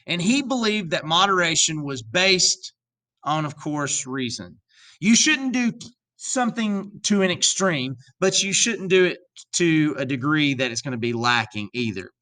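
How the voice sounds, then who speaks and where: A teacher records a lesson for his students in a lively, joking way. His voice is bright and fairly high for a man. He talks straight to the class and drifts into a strange put-on accent. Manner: animated and jokey, with asides to students; drops into an odd accent for a while. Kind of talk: recorded video lecture.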